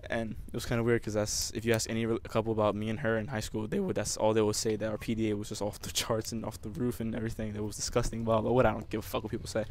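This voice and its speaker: Young man, emotional, rambling, rapid speech, story over gameplay commentary. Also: on the low side, monotone, a little mellow, slight background noise. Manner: rambling, with many restarts and fillers. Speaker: gamer.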